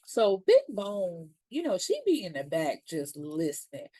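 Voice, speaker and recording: A woman recaps a TV episode in a relaxed, slangy way and acts out the characters' lines as she goes. Her voice sits fairly low and sounds warm and mellow. The recording is dry and close, with no room sound. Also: unhurried, husky, dry recording. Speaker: TV series reviewer.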